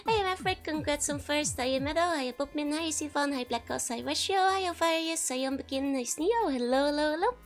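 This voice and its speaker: A woman with a high voice and a Dutch accent chats with her stream, bubbly and quick to laugh. Her voice is hoarse and a little cracked from being sick. Faint music plays underneath. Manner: bubbly, laughs often, greets chat by name. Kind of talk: casual live-stream chat.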